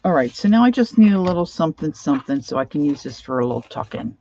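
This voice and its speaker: A woman's voice: low-pitched, big pitch swings, fast, hardly any pauses, mellow. A woman chatting casually while she works on a craft project, rambling, humming and singing bits to herself, and sleep-deprived. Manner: rambling, sings and hums to herself while working. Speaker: crafting vlogger. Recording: dull lo-fi home recording.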